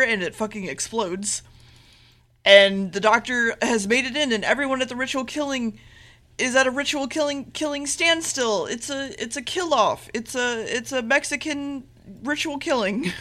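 Woman podcaster rambling thru an episode recap, kinda high, bright voice, swears a lot. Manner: rambling, swears freely, acts out quotes in a loose offhand way. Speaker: podcast co-host.

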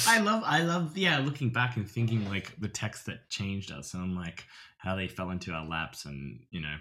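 A man's voice: on the low side, lively intonation, measured pace, pushed and bright. An Australian man chatting as a podcast guest, rambling and laughing often. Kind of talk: casual chat.

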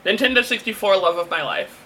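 A woman's voice: medium pitch, a little fast, bright, forceful tone, a little hiss or hum. A woman co-hosting a podcast in casual chat, playful and teasing, swearing freely and laughing often. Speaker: podcast co-host.

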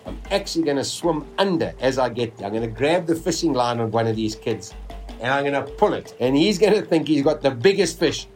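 A man with a mid-range voice recounts a survival story, animated and vivid. He voices his own inner thoughts and laces the telling with dark humor. Quiet music plays behind him. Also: mid-range voice, a little fast. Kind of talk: dramatic personal storytelling.

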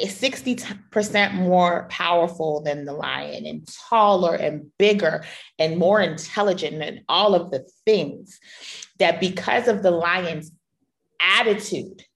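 A middle-aged woman with a low, full voice hosts a podcast. She tells stories from her own life candidly and playfully, and leans hard on the words she wants to land. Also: gravelly. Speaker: podcast host. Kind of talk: personal storytelling monologue.

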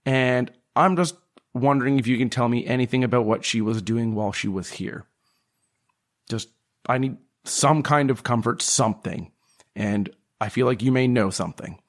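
Guy doing a lovesick adventurer, earnest, kinda pleading, middle pitch. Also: normal speed, natural voice. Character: lovesick adventurer searching for a loved one.

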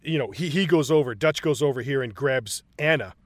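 A man co-hosting a casual film chat, excited and profane, acting out movie lines as he retells scenes. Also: medium pitch, a little fast, no echo. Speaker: podcast co-host.

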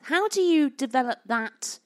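A woman's voice: high voice, expressive, measured pace. Woman, panel moderator, thoughtful questioner.

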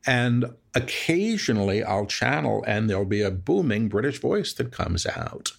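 Low gravelly man in relaxed conversation. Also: normal speed. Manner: reflective, rambling, with restarts. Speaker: guest, spiritual medium. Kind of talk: casual conversation. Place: apartment.

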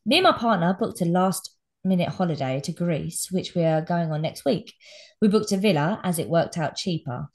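A woman co-hosting a podcast in casual chat, animated and cheerfully sweary, reading out listener dilemmas. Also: lowish voice, normal speed. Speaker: podcast co-host.

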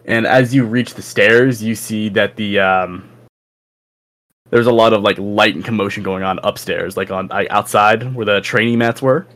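A man's voice: on the low side, steady tone, moderate pace, a bit bright. A man narrating as dungeon master in a loose, rambling way with lots of fillers. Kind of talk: narrating a tabletop game.

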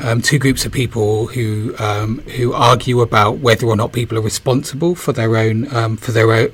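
A man hosting a podcast, asking long questions in a hesitant, halting way full of fillers. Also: lowish voice, a bit bright. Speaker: podcast host. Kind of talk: interview questions.

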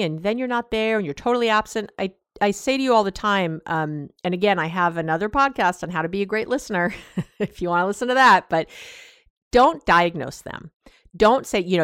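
A woman's voice: medium pitch, lively intonation, a little fast, fairly bright tone, clean tone, no room sound, clean studio sound. A woman hosting a podcast, giving casual advice and acting out sample lines of dialogue, with many fillers and restarts. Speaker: podcast host.

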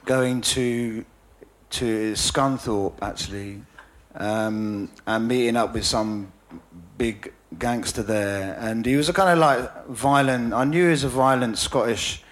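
A man telling a rambling, self-deprecating story in casual conversation, with many stammering restarts and frequent laughter. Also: lowish voice. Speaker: journalist and author guest.

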